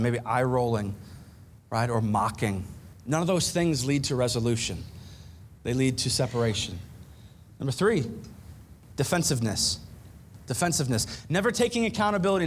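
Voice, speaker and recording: A man preaching a sermon on marriage, animated, acting out quoted arguments between spouses. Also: medium pitch, a little hiss or hum. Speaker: pastor.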